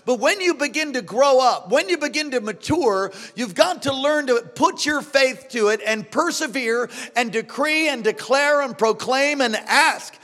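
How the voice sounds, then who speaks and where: A male pastor delivers a fervent sermon in a notably high voice. His exhortations ring out with a long reverberant tail, as in a large church hall. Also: animated, unhurried, few pauses. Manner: fervent preaching, rising to shouts.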